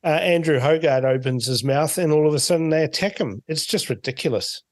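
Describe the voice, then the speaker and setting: A man's voice: fairly high pitch, fairly quick, no echo. A man from New Zealand hosting a political talk show, speaking bluntly and dismissively. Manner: blunt, dismissive, plain-spoken. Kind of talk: political talk radio chat.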